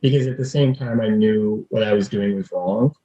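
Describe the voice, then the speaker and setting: Man, husky lowish voice, earnest and open, lots of "like", slightly lo-fi sound. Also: normal speed, mellow. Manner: earnest and emotional, many fillers like "like". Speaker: guest, youth speaker and coach. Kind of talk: candid conversational interview.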